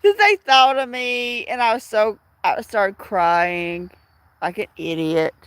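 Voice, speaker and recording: A woman's voice: mid-range voice, steady tone, slow, a bit bright, smooth, dry recording. A middle-aged woman chatting casually with viewers on a livestream from home, rambling through stories with many restarts. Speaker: livestream host.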